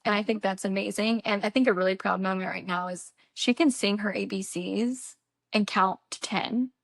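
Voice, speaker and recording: Casting: young woman, podcast co-host, gravelly fry in the voice, dry close sound. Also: medium pitch, fairly even intonation, normal speed, no room sound. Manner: chatty, laughs while telling stories. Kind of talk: casual chat.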